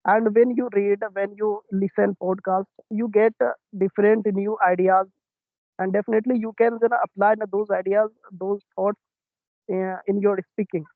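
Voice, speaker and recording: Gravelly Indian man on a tinny line. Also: high voice, flat delivery, normal speed, dry recording. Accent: Indian English. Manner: hesitant, many filler uhs, agreeable. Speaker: conversation partner asking questions. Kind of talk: casual practice conversation. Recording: tinny, phone-like, dry.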